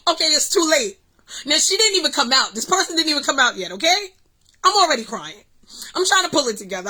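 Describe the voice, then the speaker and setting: A middle-aged woman, excitedly telling a story to her vlog audience with lots of fillers. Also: high-pitched, moderate pace, low-quality recording. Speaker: vlog host.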